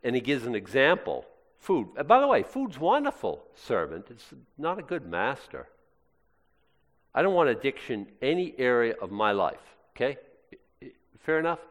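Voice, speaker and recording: A man preaching with a lively, swinging voice and playful, jokey asides. His voice carries through a big hall with a long, trailing echo. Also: mid-range voice, normal speed. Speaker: pastor. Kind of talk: sermon.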